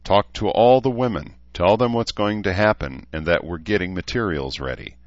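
Dry joking dad-type leader by a low-voiced guy, audiobook, muffled-ish audio. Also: normal speed, no room sound, natural voice. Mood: commanding. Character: dry-humored fatherly male camp leader. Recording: dry, slightly dull recording.

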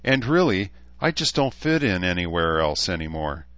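A man voicing a young female unicorn who squeaks and gushes plaintively, on a dull lo-fi recording. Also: sing-song, moderate pace, a bit bright, dry recording. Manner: plaintive and gushing.

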